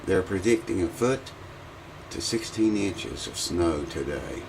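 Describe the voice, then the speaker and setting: A man's voice: low-pitched, very animated, measured pace, gravelly, noisy background. A man making a guitar repair video, chatting casually in a rambling, folksy way with plenty of "uh" fillers. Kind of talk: casual vlog chat.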